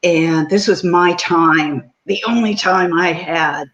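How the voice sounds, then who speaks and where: A woman's voice: fairly low pitch, slow pace, a bit bright. An older woman, a guest on an interview show, telling a personal story in a meandering way with many fillers. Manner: meandering, with fillers and quoted dialogue. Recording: dull lo-fi audio.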